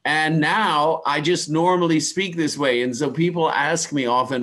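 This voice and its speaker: A middle-aged man with a softened Midwestern American accent, teaching English pronunciation in an online class, speaking slowly and deliberately and spelling out words. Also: a little high. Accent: American Midwest, softened by years abroad.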